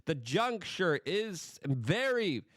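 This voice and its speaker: With a high voice and a slow pace, an excitable male host talks politics, his tone swooping and lurching up and down. He stumbles and repeats himself, and the recording is dry and close, with no room to it.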